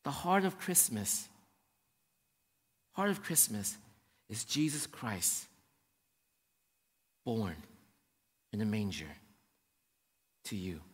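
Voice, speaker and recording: A man preaching a sermon to his congregation, swinging between hushed and raised passages and often checking in with the room. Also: lowish voice, big pitch swings, slow pace, pauses often, husky. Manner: addresses the congregation directly, checking in with "right?". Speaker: pastor. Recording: long hall reverb.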